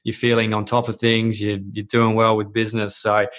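A man's voice: on the low side, completely flat delivery, normal speed, a bit bright. A man hosting an interview, agreeing and summing up with frequent restarts and repeated words. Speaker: host. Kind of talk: casual interview chat.

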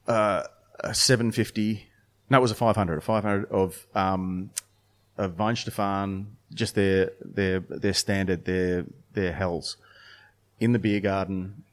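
A man's voice: sits low, fairly even intonation, measured pace. A middle-aged man, a brewer and beer judge, telling stories in a casual interview with lots of restarts and fillers. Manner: rambling storytelling with many restarts and fillers.

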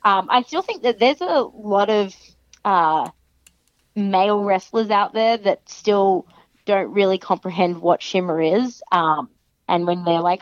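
A young adult Australian woman, a professional wrestler, chatting in an interview and lively acting out other people's remarks. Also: unhurried, no echo. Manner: chatty, animated, acts out other people's lines in a higher voice. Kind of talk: casual interview chat. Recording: dry, dull lo-fi podcast sound.

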